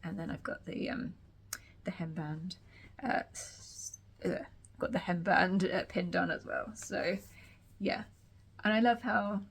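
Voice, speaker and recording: A woman vlogging casually from her sewing room, a little croaky and tired, rambling chattily with many fillers. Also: lowish voice, slow pace. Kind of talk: casual chat to camera.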